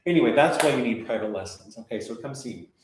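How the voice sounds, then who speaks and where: A man teaching a live online voice lesson, coaching in a relaxed, chatty way and demonstrating vowel sounds. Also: mid-range voice, fast, recorded from a distance, noisy background. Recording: very echoey room, voice heard from afar.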